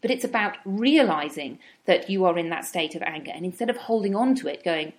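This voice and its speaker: A woman's voice: mid-range voice, lively intonation, moderate pace, hardly any pauses. A middle-aged woman giving a reflective teaching talk, with acted inner-voice asides. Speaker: wellbeing speaker.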